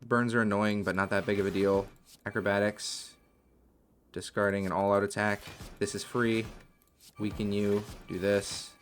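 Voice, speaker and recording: A man's voice: on the low side, little pitch movement, moderate pace, a little hiss or hum. A man commentating his own card game play, muttering card names and worried asides as he goes. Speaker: gaming video host. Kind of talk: gameplay commentary.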